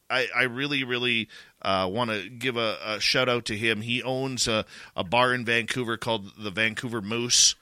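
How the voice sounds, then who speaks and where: Bright-voiced Canadian radio host, man. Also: mid-range voice, no room sound. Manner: rambling, full of restarts and "you know". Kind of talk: casual radio talk, thanking partners.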